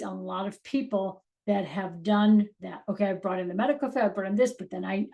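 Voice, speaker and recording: A woman's voice: medium pitch, low-quality recording. A middle-aged woman giving a casual, earnest spiritual talk, telling her own experiences and acting out inner dialogue. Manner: earnest, animated storytelling with acted inner dialogue. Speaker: spiritual teacher.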